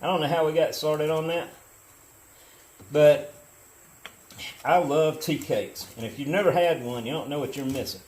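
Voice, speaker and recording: In a rough recording, a middle-aged man speaks at normal speed in a slightly high, darkish voice with long pauses. He hosts as a metal casting hobbyist in his foundry workshop, casually explaining his work as he does it and wandering into storytelling in an easygoing, chatty way.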